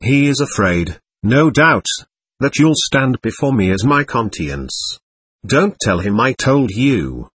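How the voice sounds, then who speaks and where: Picture a desperate, impassioned young prisoner on the eve of his trial, begging his brother for the truth, voiced by a man reading an audiobook. The voice is husky and rises and falls a great deal, and it sounds dry and close. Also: medium pitch, very animated, takes it slowly, a bit bright, no echo, full character voice. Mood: pleading. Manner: desperate, pleading.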